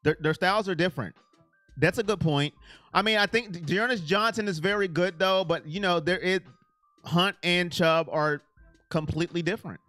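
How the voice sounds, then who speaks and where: A man hosting a casual live stream on sports, answering his viewers' chat by name in an animated, self-confessed emotional way. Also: sits high, moderate pace, no echo, faint music behind.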